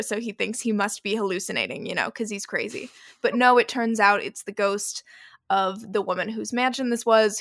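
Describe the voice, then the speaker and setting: A woman's voice: mid-range voice, gravelly, a bit bright. A woman co-hosting a podcast, chatting casually and gushing enthusiastically about books. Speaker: podcast co-host. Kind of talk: casual chat.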